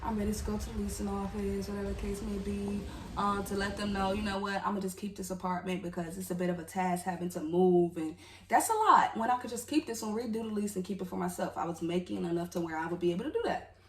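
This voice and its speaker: A woman's voice: mid-range voice, fairly even intonation, quick pace, distant mic. A woman telling a personal story in a casual, candid storytime vlog, talking straight to her viewers with emotion. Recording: echoey room, voice off-mic.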